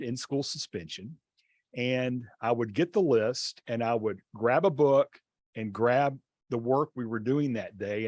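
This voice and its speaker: A male teacher telling a classroom story in an online class over a video call, acting out the dialogue with lively changes of voice. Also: mid-range voice, dry recording. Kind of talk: storytelling lecture.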